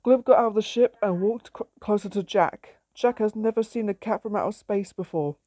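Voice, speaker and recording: A woman's voice: mid-range voice, moderate pace, mellow, no echo. A woman reading her own story aloud in a plain, simple storytelling way.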